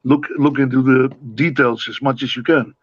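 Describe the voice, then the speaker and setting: A man's voice: mid-range voice, fairly even intonation, moderate pace, husky, no room sound, dull audio. A man in a heated casual debate on a live online panel, defensive, repeating himself and stumbling over restarts. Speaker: panel guest. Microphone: online call.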